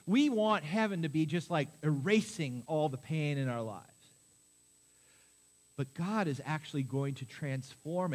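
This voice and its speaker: A man preaching a sermon as pastor to his congregation, lively and quizzing the listeners with questions. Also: on the high side. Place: church.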